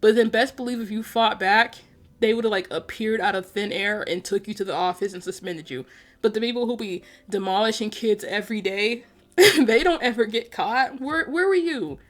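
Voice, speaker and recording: A woman's voice: medium pitch, normal speed. Rambling young woman vlogger. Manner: rambling, exasperated, lots of "like" fillers. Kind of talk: casual chat over gameplay.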